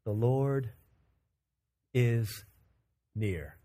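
A man from Virginia preaching a conversational, animated sermon as pastor. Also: medium pitch. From Virginia, USA. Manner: conversational and animated, acting out quick character quotes.

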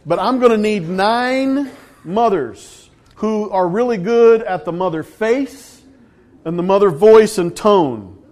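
A man's voice: sits high, animated, slow pace, darkish tone. A man leading a casual sermon as pastor, playful and teasing with the congregation. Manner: playful, teasing, loose with restarts.

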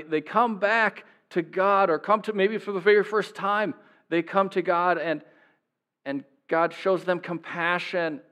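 A man's voice: a little high, a bit bright. A man preaching a sermon in a conversational way, chuckling now and then and voicing the people he quotes. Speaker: pastor.

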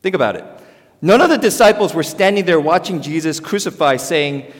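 Animated male preacher in a reverberant hall. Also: high voice, moderate pace. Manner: animated preaching, swings between loud emphasis and quiet. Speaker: pastor. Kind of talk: sermon.

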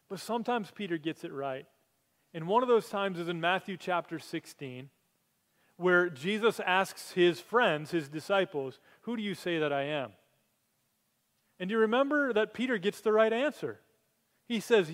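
A man preaching a sermon, telling stories with animated energy that climbs to excited peaks. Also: high voice, moderate pace. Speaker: pastor. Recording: long hall reverb.

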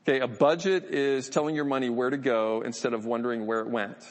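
A man's voice: mid-range voice, steady tone, brisk, big-room sound. A man giving a conversational, earnest sermon, often repeating words as he thinks aloud. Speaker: pastor.

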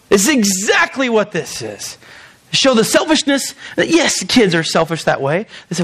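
A man's voice: sits high, sing-song, measured pace, fairly bright tone, breathy edge. A man preaching a sermon in a loose, conversational way, reading scripture and acting out the people in it. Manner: conversational, acts out quoted voices, chuckles. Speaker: pastor.

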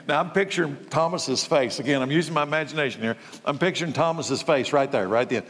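A man's voice: fairly high pitch, fast, hardly any pauses, a bit bright. A male pastor preaching a sermon, emphatic, repeating key words and thinking aloud. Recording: long reverb in a large hall.

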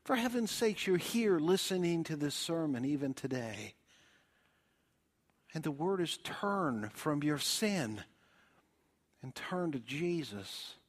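A male preacher giving a dramatic evangelistic sermon in a church, swinging from loud appeals to hushed whispers. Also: fairly high pitch, very animated, slow, long pauses.

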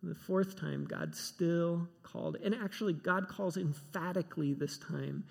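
A man's voice: a little high, a little slow, gravelly, husky. Man, sermon, emphatic, repeats words, long reverb. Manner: emphatic, repeats himself, restarts often. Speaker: preacher.

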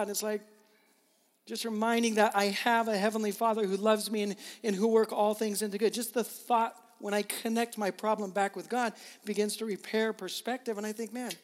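A middle-aged man preaching a sermon as pastor, earnest and emotional, often repeating his words. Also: sits high. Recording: reverberant hall.

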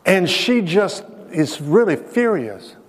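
A man with a high, husky voice speaks slowly, his pitch swinging widely as he delivers an earnest, emphatic testimony in the style of a sermon. He addresses his listeners directly, and the recording carries a long hall reverb.

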